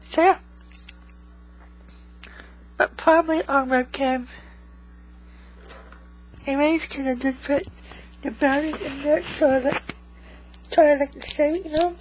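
High-voiced rambling woman vlogger. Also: fairly even intonation, measured pace, pauses often, a little mellow, a little hiss or hum, poor audio. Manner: rambling, checks in with 'okay?' after most remarks. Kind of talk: casual chat to viewers. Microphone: USB microphone.

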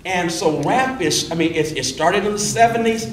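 A middle-aged man, a preacher leading a workshop, talking fast and animated, often repeating a word as he starts a thought. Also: sits high. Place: indoor room with an audience. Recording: echoey room, distant mic, faint noise.

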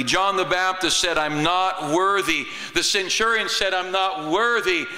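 A middle-aged man, a pastor, preaching a sermon in a church, shifting between loud exclamations and quiet asides. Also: sits high, moderate pace, hardly any pauses. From United States. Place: church sanctuary. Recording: church hall reverb.

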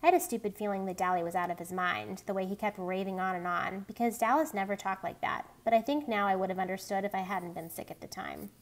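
A woman reading a novel aloud in a steady, plain storytelling manner. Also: mid-range voice, fast, hardly any pauses. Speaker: reader.

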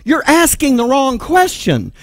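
A man's voice: very high voice, wildly swooping pitch, measured pace, no echo, studio quality. A man with a Texan accent preaching a sermon, emphatic and full of rhetorical questions. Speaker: pastor.

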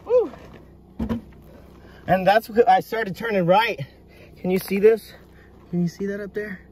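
A man prospecting in a hard rock mine, giving excited running commentary to his viewers as he works. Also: high-pitched, measured pace, distant mic, a little hiss or hum. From United States. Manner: excitable, marvelling, talks to viewers.

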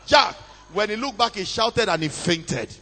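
A man's voice: sits high, animated, unhurried, bright, forceful tone. A man preaching a sermon, telling a story dramatically and calling out to the congregation for responses. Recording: long reverb of a large hall.

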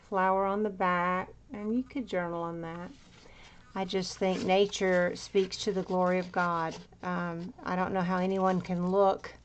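This lo-fi clip features a crafter whose voice sits fairly low as she flips through her handmade journal. Her casual walkthrough wanders, full of chatty filler words, and she's slightly winded.

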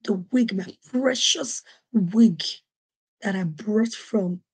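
A woman from Nigeria hosting a podcast, telling a personal story in an animated way and acting out what other people said. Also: medium pitch, slow pace, husky. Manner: animated, acts out quoted voices. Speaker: podcast host. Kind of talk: storytelling monologue.

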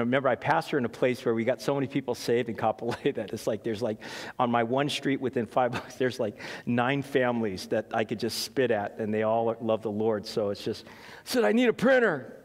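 Animated pastor, echoing hall. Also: male voice, medium pitch. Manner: animated storytelling with laughs and acted quotes. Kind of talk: sermon. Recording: long hall reverb.

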